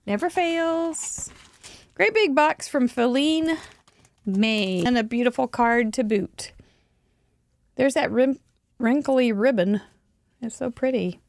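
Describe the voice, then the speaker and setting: A woman hosting a crafting show, chatting warmly about mail and cards with frequent little laughs. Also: on the high side, vocal fry, no room sound. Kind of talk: casual chat over a card slideshow. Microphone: desk microphone.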